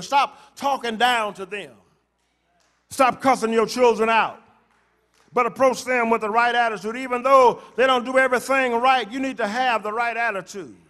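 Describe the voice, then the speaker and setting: A man preaches a church sermon. His voice sits very high and rings bright and forceful. He builds on repeated phrases and lets them swell into shouts. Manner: rhythmic preaching with repetitions and shouted climaxes. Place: church sanctuary.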